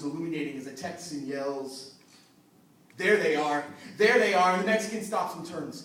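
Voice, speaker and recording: Intense male spoken word poet, echoey hall. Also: high voice. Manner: intense, dramatic swings from hushed to shouting. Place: event hall at an open mic. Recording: echoey hall, distant mic, faint noise.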